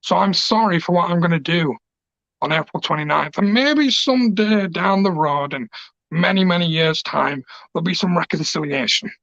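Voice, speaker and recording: A man's voice: high-pitched, normal speed, a bit bright, dry recording. A man, a pro wrestler cutting an emotional, passionate, rambling promo. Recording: dull lo-fi dry recording.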